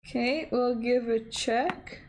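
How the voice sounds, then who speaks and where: A young woman streaming a chess game, talking excitedly to her computer opponent, gasping and exclaiming at the moves. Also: on the high side, slow, a little hiss or hum. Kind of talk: casual live-stream chess play-by-play.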